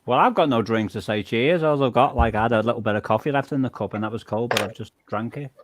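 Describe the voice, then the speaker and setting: A man's voice: medium pitch, fast, no room sound. A man in a casual group chat who rambles and laughs often. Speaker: live chat panelist.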